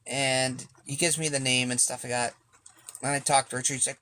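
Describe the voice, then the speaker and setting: A man's voice: medium pitch, little pitch movement, fairly quick, bright, forceful tone. A man telling a casual, rambling story as a sailing vlogger, swearing freely and acting out what people said. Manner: rambling, profane, acts out quoted speech.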